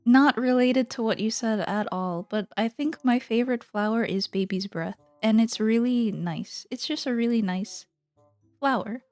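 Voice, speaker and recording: A woman's voice: on the high side, moderate pace, a little mellow, no room sound, faint music behind. A woman streamer in casual, playful chat with her viewers, giggling often.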